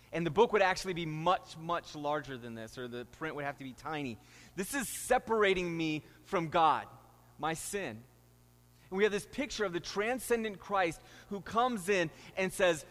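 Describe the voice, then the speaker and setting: Middle-aged guy preaching, kinda high voice, long church-hall echo around him. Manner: storytelling with a rising, emphatic delivery. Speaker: pastor. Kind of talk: sermon. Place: church sanctuary.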